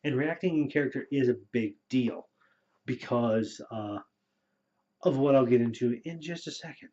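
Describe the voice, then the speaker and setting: A man talking through role-playing tips in a relaxed, rambling way, with many fillers, as a game storyteller. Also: mid-range voice, normal speed. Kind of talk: casual spoken advice video. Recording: dull lo-fi recording.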